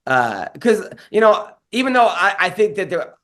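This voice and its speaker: A man's voice: high voice, big pitch swings, moderate pace, fairly bright tone. A man, a comedian and podcast host, telling a rambling story in casual chat, full of fillers and swearing.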